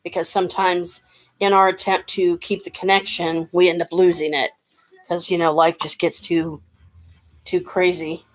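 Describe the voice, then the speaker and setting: A woman's voice: fairly low pitch, level tone, moderate pace, low-quality recording. A woman giving a casual tarot card reading, chatty and rambling, with lots of fillers. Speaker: tarot reader.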